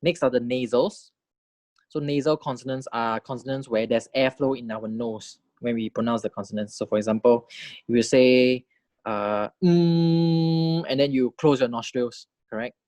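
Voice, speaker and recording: Man, phonetics teacher, mid-pitched voice, dry close sound, explanatory, repeats sounds slowly, frequent "right?" check-ins. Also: fairly even intonation, a little mellow, no room sound. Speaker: language teacher. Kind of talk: phonetics lecture.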